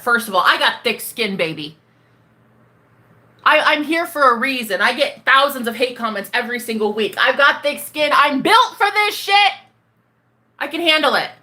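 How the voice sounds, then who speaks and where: A woman's voice: high voice, sharp tone. A manifestation coach, a woman, talking to the camera in a blunt, profane rant, scolding herself and calling the viewer honey and baby. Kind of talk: ranting self-talk vlog.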